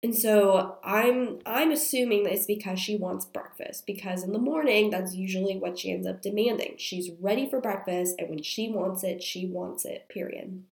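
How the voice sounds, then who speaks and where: A woman's voice: mid-range voice, normal speed, gravelly, few pauses, a little mellow. A young woman who is sick and has a strained voice, chatting casually to viewers as a mom and telling a story with many fillers. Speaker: mom vlogger. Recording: roomy echo.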